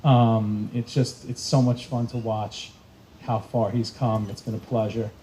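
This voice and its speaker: Mellow-voiced man coach praising an athlete. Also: on the low side, little pitch movement, measured pace, a little hiss or hum, low-quality recording. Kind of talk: ceremony speech.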